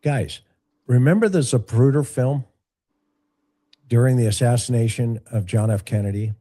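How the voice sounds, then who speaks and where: A man giving opinionated commentary on a livestream, deliberate, with rhetorical questions. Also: mid-range voice, mellow.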